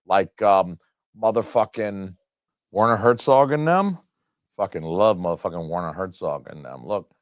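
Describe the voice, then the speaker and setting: Brief: a man doing a mock-preachy, cursing film-rant voice, mid-pitched, dry close mic. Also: no room sound. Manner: profane, mock-preachy, argumentative. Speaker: YouTube movie commentator. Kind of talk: casual opinion rant to camera.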